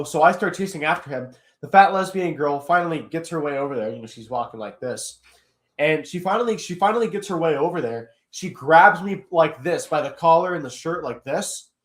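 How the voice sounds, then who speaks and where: A man's voice: a little high, a little fast, fairly bright tone. Young man telling a rambling story. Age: young adult. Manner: rambling, heavy on fillers like "basically". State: eye still hurting after an attack. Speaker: guest commentator. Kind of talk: casual interview storytelling. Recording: roomy echoey room.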